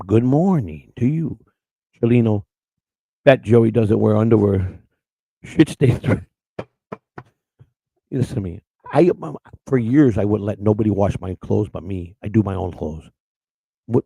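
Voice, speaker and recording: Gravelly man rambling on a live stream. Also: lowish voice, a little mellow, no room sound, low-quality recording. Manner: crude, rambling, repeats words. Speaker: co-host of a live-streamed morning show. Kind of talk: rambling casual chat reading live chat.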